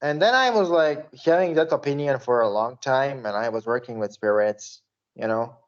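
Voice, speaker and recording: A man's voice: medium pitch, normal speed. A man hosting a podcast, chatting casually and profanely with a lot of fillers. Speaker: podcast host. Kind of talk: casual interview chat. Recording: dull lo-fi recording.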